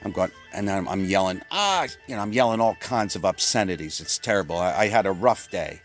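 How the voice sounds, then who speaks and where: A man from Pennsylvania telling a rambling comic story, full of stumbling restarts and deadpan exaggeration. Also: low-pitched, a little fast, soft background music. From Pennsylvania, USA. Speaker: comedian.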